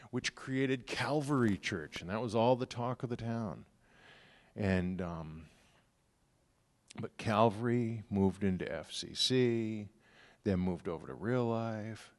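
A middle-aged man preaching from the pulpit with an easy, chatty delivery. His voice sits at an ordinary middle pitch, and he slips into the voices of the people in his stories. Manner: conversational storytelling, acts out quoted people. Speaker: pastor. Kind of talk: sermon.

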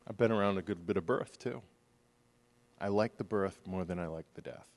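A man who is a pastor, preaching a sermon and moving from quiet, hushed stories to loud, emphatic passages. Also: low-pitched, moderate pace, big-room sound.

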